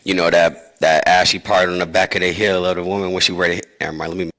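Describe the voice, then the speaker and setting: A man's voice: low voice, level tone, fast talker, a bit bright. A man in a live audio chat room, trading crude, teasing banter. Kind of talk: casual chat.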